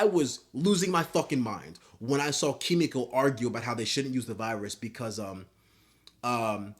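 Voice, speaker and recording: A man with a husky, slightly rough voice delivers an angry video critique of a TV show. He swears often and stumbles into repeated false starts as his frustration spills over. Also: mid-range voice. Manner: frustrated, profane, stammering restarts. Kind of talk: ranting video commentary.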